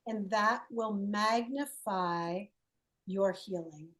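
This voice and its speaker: Woman healing coach, playful and encouraging, unhurried delivery. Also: medium pitch, fairly bright tone. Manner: playful, encouraging, asks leading questions. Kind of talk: coaching call.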